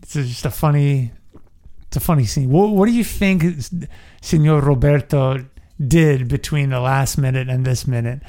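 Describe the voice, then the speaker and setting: A man's voice: medium pitch, normal speed, mellow. A man co-hosting a casual film discussion podcast, jokey and playful, putting on voices for gags. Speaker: podcast co-host.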